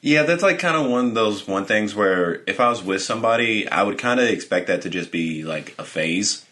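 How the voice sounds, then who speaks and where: A man's voice: fairly low pitch, expressive, normal speed, pushed and bright. A young man co-hosting a podcast, chatting casually with crude jokes and frequent laughter. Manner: crude, joking, laughs often. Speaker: podcast co-host. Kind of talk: casual chat.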